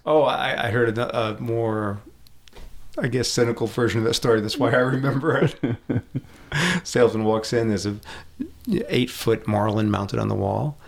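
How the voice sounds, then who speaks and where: A man's voice: medium pitch, fairly even intonation, moderate pace, creaky. A middle-aged man from Rhode Island, chatting casually about sales and telling anecdotes, chuckling often. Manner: storytelling, acts out voices, chuckles often. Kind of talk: casual podcast conversation.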